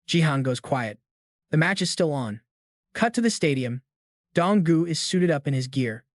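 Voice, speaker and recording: A man's voice: a little high, dry recording, clean studio sound. A man narrating a comic-style story recap in a hyped, slang-heavy scripted manner.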